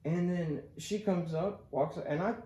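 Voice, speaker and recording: A young podcast host tells stories in a casual chat, rambling and animated, with "like" sprinkled everywhere. His voice is high-pitched and unhurried, recorded in an echoey room with faint background noise.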